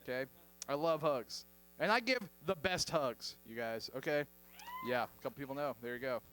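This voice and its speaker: A man's voice: mid-range voice, moderate pace, a bit bright, soft background music. A man performing a stand-up comedy set on a club stage, joking with the crowd. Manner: joking, playful crowd work. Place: comedy club stage before a live audience.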